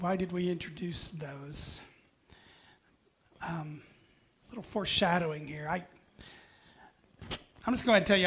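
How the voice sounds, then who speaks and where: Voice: mid-range voice, fairly bright tone. A pastor preaching a sermon in a chatty, anecdotal way with touches of humor.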